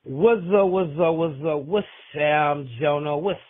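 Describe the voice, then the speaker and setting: A man's voice: a little high, measured pace. A man leaving a rambling, joking voicemail full of slang. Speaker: voicemail caller. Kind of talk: casual phone message. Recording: tinny phone line.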